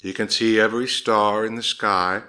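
A man's voice: lowish voice, level tone, normal speed, sharp tone. A man voicing a fretful middle-aged father. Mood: worried. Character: anxious middle-aged father staying up late.

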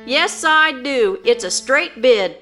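A woman storyteller puts on a cheerful youngish man who keeps laughing as he talks and bids with easy good humor. The voice stays bright and high, with faint guitar behind. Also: animated, slow, full character voice. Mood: insistent.

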